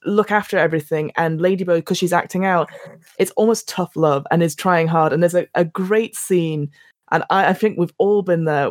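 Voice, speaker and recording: A low-pitched woman co-hosts a casual film podcast, retelling scenes with animated storytelling, acting out characters' lines, and restarting often. The sound is studio quality with no echo.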